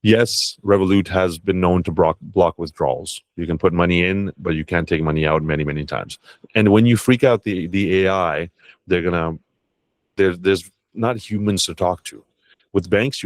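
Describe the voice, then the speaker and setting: Speaking at a moderate pace in a low voice with no echo, this crypto tax educator runs a casual online masterclass on crypto and banking. His delivery is blunt, with occasional swearing and short impressions of bank employees.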